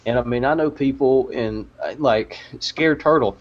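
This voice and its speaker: A man's voice: mid-range voice, normal speed. Guy guest on a gaming podcast, earnest, lots of restarts, muffled lo-fi sound. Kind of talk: casual chat. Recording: dull lo-fi audio.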